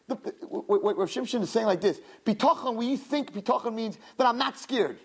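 A woman's voice: a little high, fairly quick, hardly any pauses, husky. A woman giving a religious lecture to young women, telling stories animatedly and acting out the dialogue. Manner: animated storytelling, acts out dialogue. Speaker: Torah teacher.

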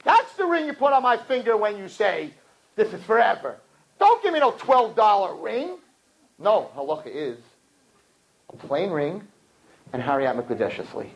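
A man teaching a religious lesson to a class, telling stories with lively acted-out voices and sudden pitch jumps. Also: normal speed, creaky, long pauses, rough recording. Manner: lively storytelling, jumps high in pitch, acts out characters. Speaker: rabbi teacher. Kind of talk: animated classroom lecture.

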